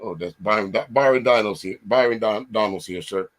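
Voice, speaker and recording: A man's voice: lowish voice, brisk, natural voice. A man putting on a fake Jamaican accent to play an eager male politician.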